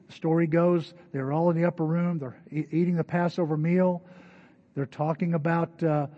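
An older male pastor preaches in a chatty, storytelling manner, his voice pitched high yet warm and slightly husky. The recording is dull and lo-fi, with a long reverb trailing through a large church hall. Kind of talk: sermon.

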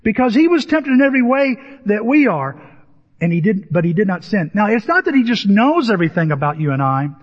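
A man's voice: high voice, very animated, a little fast. A man from Southern Illinois preaching a conversational storytelling sermon, asking his listeners questions. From Southern Illinois, USA. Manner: conversational, asks the audience questions. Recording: dull recording in a reverberant hall.

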